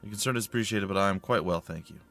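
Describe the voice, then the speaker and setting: Brief: poised princess, polite and calm, read by a man. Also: fairly low pitch, racing, lightly acted. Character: composed young princess.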